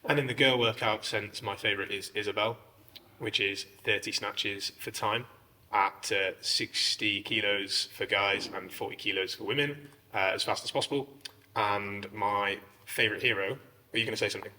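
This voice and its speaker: A man co-hosting a fitness podcast, talking casually and rambling with lots of "like", getting animated when he tells stories. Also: fairly low pitch, moderate pace. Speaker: podcast co-host. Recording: long hall reverb.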